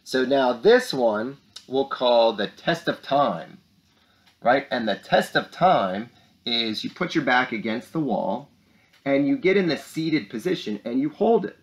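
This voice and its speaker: A man's voice: mid-range voice, expressive, unhurried. A man hosting upbeat morning announcements for schoolchildren, reading letters and leading exercises. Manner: upbeat, speaks to kids with rising emphasis. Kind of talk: lively morning announcements for children.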